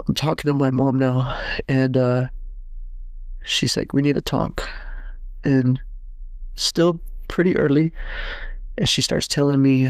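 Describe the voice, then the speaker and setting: A man tells his own story as a podcast host, halting and restarting, with fillers along the way. His mid-range voice has a gravelly edge. The sound is dry and close, with no room around it. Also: mid-range voice, a little mellow, dry recording. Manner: halting, many restarts and fillers, plain everyday speech. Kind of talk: personal testimony, casual storytelling.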